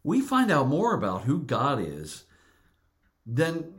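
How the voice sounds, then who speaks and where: A middle-aged male pastor preaching a sermon, earnest and deliberate, repeating words for emphasis. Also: fairly high pitch, huge pitch swings.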